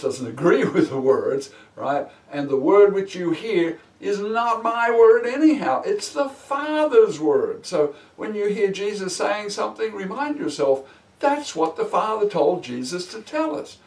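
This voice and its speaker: A man teaching a Bible lesson as a sermon, slow and emphatic, stretching key words for weight. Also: fairly high pitch, a little mellow. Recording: echoey room, mic at a distance.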